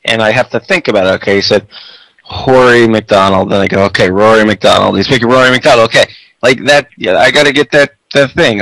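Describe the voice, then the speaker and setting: A man hosting a casual radio show, talking in a slow, laid-back way. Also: mid-range voice, fairly bright tone, no echo, low-quality recording.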